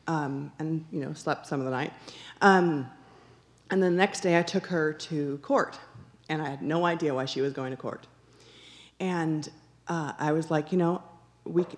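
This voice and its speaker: A woman's voice: deep voice, darkish tone. A woman sharing a personal testimony in an earnest storytelling manner, acting out the dialogue she recounts and repeating phrases for emphasis. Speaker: church member sharing a testimony.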